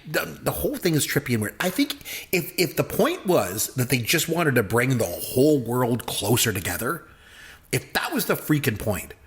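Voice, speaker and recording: Animated joking man on a podcast. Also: medium pitch. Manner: joking, exaggerated complaints, animated. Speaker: podcast co-host; professor. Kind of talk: casual podcast movie review.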